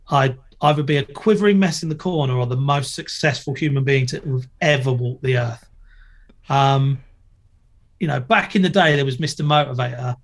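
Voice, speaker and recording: Gravelly, joking man. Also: mid-range voice. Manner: jokey, storytelling, loud impressions when quoting. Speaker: guest, former TV presenter and skater. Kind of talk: casual podcast chat.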